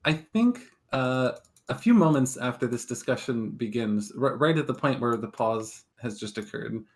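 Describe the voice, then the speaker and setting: A man's voice: mid-range voice, lively intonation. Rambling, hesitant male game master. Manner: halting, many fillers. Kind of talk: narrating a tabletop game.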